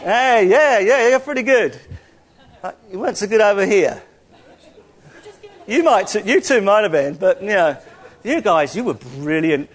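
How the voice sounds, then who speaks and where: A man leading a playful, interactive sermon, joking with the congregation and calling out to them loudly. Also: high voice, animated, a little slow, long pauses, some chatter behind. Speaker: church speaker.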